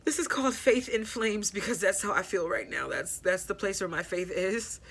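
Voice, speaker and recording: A woman hosting a personal grief podcast, talking candidly and haltingly, repeating herself as she works through her thoughts. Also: medium pitch, a bit bright. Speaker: podcast host.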